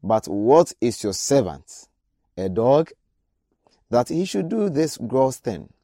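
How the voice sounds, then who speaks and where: A man's voice: mid-range voice, sing-song, takes it slowly, dark tone, no room sound, studio quality, exaggerated voice. A preacher voicing an ambitious male officer who answers in pleading, incredulous questions. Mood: protesting. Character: ambitious male army officer, protesting and shocked.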